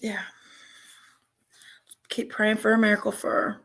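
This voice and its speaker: A woman hosting a casual livestream chat from home on a webcam mic, loud, laughing and bawdy. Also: mid-range voice, monotone, a little slow, whispered. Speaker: livestream host. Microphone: computer webcam mic.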